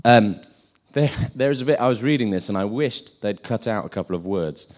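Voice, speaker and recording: A man's voice: lowish voice, lively intonation, a little fast, darkish tone. A man giving an informal sermon, chatty and self-deprecating, acting out the scenes he retells.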